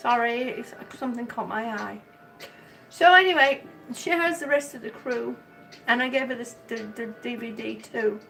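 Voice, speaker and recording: An older woman from Miami with a high voice tells a rambling story in casual chat. Her accent mixes the American South and the Midwest. She sits a little back from the mic, and faint music plays behind her. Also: normal speed, vocal fry, a bit bright, far from the mic, poor audio. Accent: mixed American Southern and Midwestern. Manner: chatty storyteller, rambling with restarts. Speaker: vlogger.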